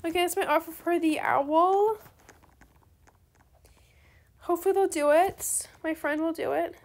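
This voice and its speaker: A young woman with a very high voice chatters through her game trades in a casual, excitable commentary, talking straight to her viewers. A faint noise hums under the recording. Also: unhurried. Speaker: gaming video creator.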